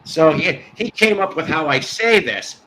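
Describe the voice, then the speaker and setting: A man's voice: on the high side, expressive, a little slow, a bit bright, slight background noise, rough recording. A man hosting a casual live stream, ranting at his chat in an exasperated way, with stops and restarts. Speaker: host.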